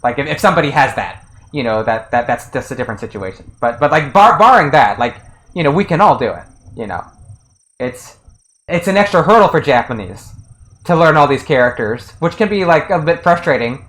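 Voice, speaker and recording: A man's voice: medium pitch, lively intonation, fairly quick, fairly bright tone, rough recording. A man streaming and casually commenting on a game translation, rambling with lots of restarts and fillers and chuckling often.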